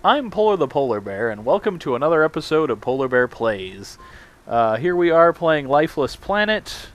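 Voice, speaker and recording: A man's voice: fairly high pitch, sing-song, normal speed. A man hosting a let's play, giving casual gameplay commentary with rambling, self-mocking, jokey asides.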